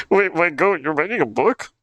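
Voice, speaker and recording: A young man chatting on his livestream, laughing in disbelief as he talks. His voice sits a touch high and swings widely up and down, at an unhurried pace. The sound is close and dry. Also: fairly bright tone, no echo. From Ottawa, Canada. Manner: giggly and incredulous, laughs through his words. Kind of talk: casual livestream chat reacting to videos.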